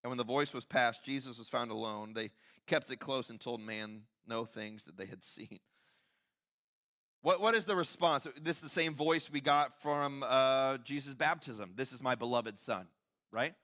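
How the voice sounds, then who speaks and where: A man preaching a sermon in a church, talking conversationally, acting out quoted voices and often dropping to quiet emphasis. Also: medium pitch, moderate pace. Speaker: pastor. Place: church sanctuary.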